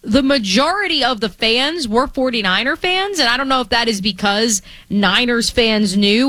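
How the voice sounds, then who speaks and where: A woman's voice: on the high side, animated, normal speed, hardly any pauses, sharp tone, dry recording. A woman co-hosting a sports radio show, chatting playfully and trying out accents. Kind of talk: casual sports radio banter.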